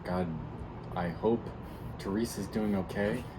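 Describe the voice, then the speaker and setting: A young man with a mid-range voice ribs his friend in a dry, teasing way during a relaxed chat. Clear background noise runs under his voice. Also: on the low side, unhurried. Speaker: co-host of a script reading video. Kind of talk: casual banter.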